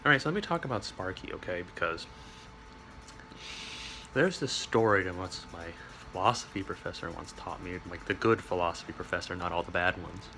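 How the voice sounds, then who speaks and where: A man's voice: deep voice, brisk, music in the background. A man rambling through a wry, digressive monologue, full of asides and chuckles. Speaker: vlogger.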